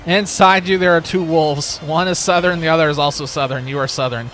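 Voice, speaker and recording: Guy streaming games, jokey and rambly, kinda high bright voice, music going behind him. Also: steady tone, a little fast. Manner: joking, rambling, laughs often. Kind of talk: casual gaming livestream chat.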